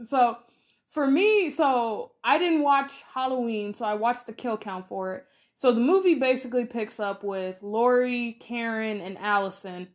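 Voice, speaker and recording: Chatty young woman reviewing a movie. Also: on the high side. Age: 20s. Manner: rambling, heavy on fillers, lively retelling. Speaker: podcast co-host. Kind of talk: casual film review chat.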